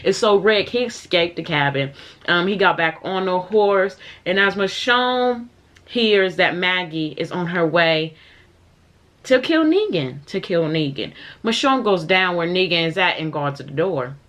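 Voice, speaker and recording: Low-voiced woman recapping a TV episode. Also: unhurried. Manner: animated, many fillers, acts out quoted lines. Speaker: TV episode reviewer.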